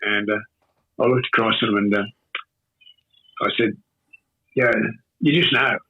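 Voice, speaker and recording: An older man with an Australian accent, telling a long story in an interview in a rambling, halting way with many fillers and restarts. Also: lowish voice, steady tone, bright, forceful tone, breathy edge. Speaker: interview guest. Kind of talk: casual storytelling. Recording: tinny phone-like audio.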